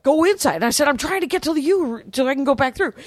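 A woman with a high voice tells a story on her podcast, animatedly acting out each person she quotes. The sound is dry and close, with no room around it. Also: expressive, fast, no room sound. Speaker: podcast co-host. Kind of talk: casual storytelling chat. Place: podcast studio.

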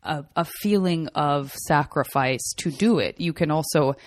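A woman hosting a podcast, talking in an earnest, animated way. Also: low-pitched, unhurried. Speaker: podcast host. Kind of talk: casual chat.

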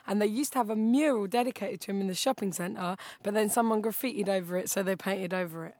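A woman's voice: medium pitch, fast talker, a little mellow, no echo. An English woman competing on a comedy quiz, chatty and self-mocking. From England. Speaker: contestant.

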